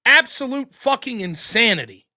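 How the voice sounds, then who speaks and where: A male livestream host on an angry political rant, swearing often and asking question after question. His voice is high and bright. His pitch swings widely. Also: expressive, moderate pace. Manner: angry, profane, rhetorical questions.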